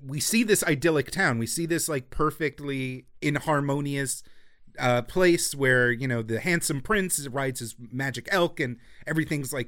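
A man's voice: mid-range voice, a bit bright, no echo, studio quality. A man co-hosting a podcast, talking casually with lots of filler words and wry asides. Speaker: podcast co-host. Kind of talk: casual film discussion.

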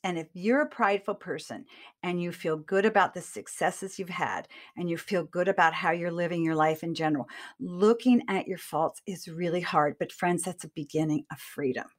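Earnest woman coaching parents, lowish voice. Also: moderate pace. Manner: earnest, coaching, addresses listener directly. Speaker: parenting advice speaker. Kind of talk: direct-to-listener advice talk.

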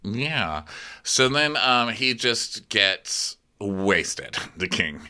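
A man's voice: on the low side, sing-song, very slow, pushed and bright, clean tone. A man co-hosting a comedic TV recap, irreverent and swearing, slipping into mock voices. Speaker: podcast co-host.

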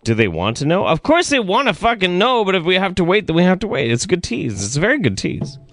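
A man's voice: high voice, wildly swooping pitch, fast, fairly bright tone, no echo, voice pushed up, heavily acted. A man doing a comedic impression of a boastful older politician who repeats himself and praises everything he does. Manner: repetitive, self-praising, superlatives.

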